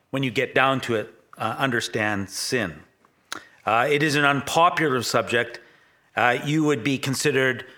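A man's voice: medium pitch, pushed and bright. A middle-aged man from Canada preaching a sermon in a loose, rambling, conversational way, often restarting his sentences. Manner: rambling, self-correcting, conversational. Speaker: pastor.

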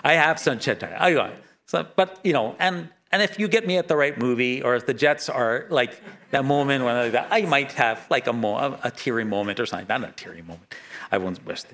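A middle-aged man preaching a sermon, earnest and halting, often restarting his sentences. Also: medium pitch, fairly bright tone. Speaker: pastor.

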